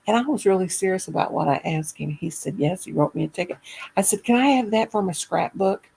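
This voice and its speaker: A middle-aged woman telling a funny story in a casual chat, animated and laughing as she goes. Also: medium pitch, fairly quick, gravelly, husky, low-quality recording. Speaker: caller.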